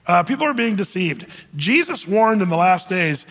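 High-voiced pastor preaching in a reverberant hall. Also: male voice, sing-song, normal speed, few pauses, fairly bright tone. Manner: conversational preaching with sarcastic mock voices. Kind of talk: sermon.

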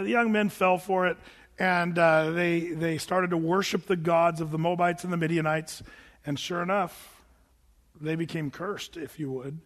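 Animated preacher man with a high voice. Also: big-room sound. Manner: animated, conversational storytelling with fillers and repeats. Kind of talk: sermon.

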